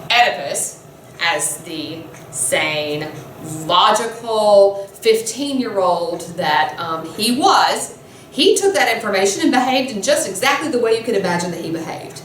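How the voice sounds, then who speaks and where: A woman teacher telling a myth to her class in a chatty, animated storytelling lesson, often laughing. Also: medium pitch, measured pace, a little hiss or hum. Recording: echoey room, mic far off.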